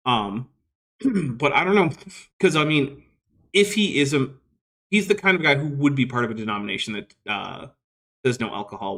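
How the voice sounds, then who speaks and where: A man's voice: mid-range voice, a bit bright. A man hosting a casual livestream, reading viewer comments with wry, skeptical asides. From United States. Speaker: host.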